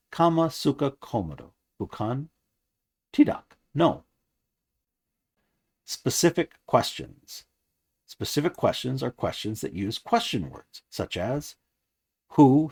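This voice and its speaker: Husky man with lively pitch, lesson narration. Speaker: language teacher. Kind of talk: scripted grammar narration.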